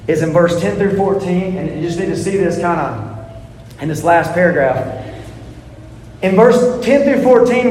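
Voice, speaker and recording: High-voiced pastor preaching in a hall. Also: male voice, a little mellow, a little hiss or hum. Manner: earnest, emphatic, repeats key words, asks the congregation questions. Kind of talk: sermon. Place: church sanctuary. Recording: echoey hall, long reverb.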